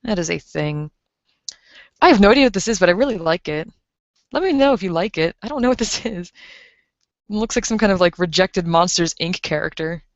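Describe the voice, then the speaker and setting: A woman's voice: mid-range voice, animated, fast talker, no room sound. A woman in her twenties livestreaming from home, chatting casually in a rambling, filler-heavy way and reading viewers' messages aloud. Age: 20s. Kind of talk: casual stream chat. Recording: dull lo-fi stream mic.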